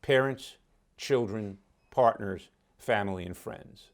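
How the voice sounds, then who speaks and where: A man's voice: on the low side, slow. A man, a college president, giving a formal, ceremonial commencement welcome.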